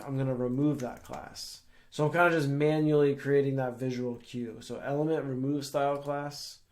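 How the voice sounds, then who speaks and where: A young man talks through a software tutorial while sharing his screen, explaining each step in a loose, conversational way. His pitch sits in an ordinary middle range, and he sprinkles in "like" and "um" as he thinks aloud. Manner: casual, explains step by step with fillers. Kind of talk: screen-share coding tutorial.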